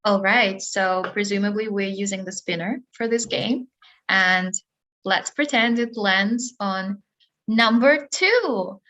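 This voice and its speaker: A woman teacher demonstrating a lesson in a webinar, patient and encouraging, speaking with clear enunciation. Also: medium pitch, slow, a bit bright. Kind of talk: webinar role-play demonstration.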